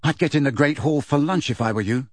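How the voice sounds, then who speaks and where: A man's voice: fairly high pitch, fast, dry recording, natural voice. A man voicing a cool, mischievous teenage boy who teases and plots pranks. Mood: teasing. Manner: cool, teasing.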